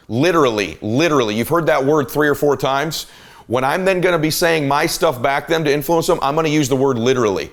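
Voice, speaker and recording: A middle-aged man hosting a podcast, giving an emphatic, coaching motivational talk about listening. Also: medium pitch. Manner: emphatic, coaching, shifts volume and pace to illustrate. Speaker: podcast host.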